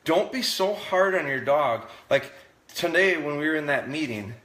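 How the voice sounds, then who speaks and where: A man runs a live dog training session, explaining each step to viewers in a relaxed way. His voice is bright and forward. The room around him rings with echo. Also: on the high side, moderate pace. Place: indoors.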